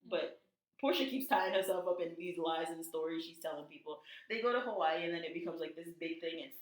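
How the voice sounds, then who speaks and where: A woman co-hosting a casual podcast, telling gossip and acting out quotes in high voices. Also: brisk. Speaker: podcast co-host. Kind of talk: casual chat. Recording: echoey room.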